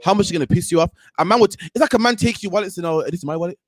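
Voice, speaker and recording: High-voiced guy ranting fast on his show, keeps saying man, dry close sound. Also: dry recording. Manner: animated ranting, repeats "man" often. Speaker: host. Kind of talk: heated commentary.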